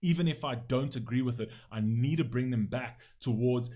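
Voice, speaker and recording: A man's voice: mid-range voice, normal speed, dark tone. A man hosting a music reaction video, giving blunt, emphatic commentary with frequent swearing and "right?" tags.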